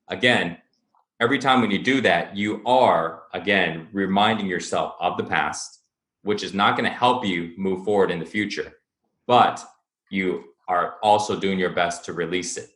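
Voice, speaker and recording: A man with a deep, low voice speaks as a wellness coach in a roomy, echoing space. He talks earnestly, circling back over his points and briefly acting out angry remarks to make them vivid. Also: moderate pace, a bit bright. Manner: earnest, repetitive, acts out angry quotes. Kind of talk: motivational talk to camera.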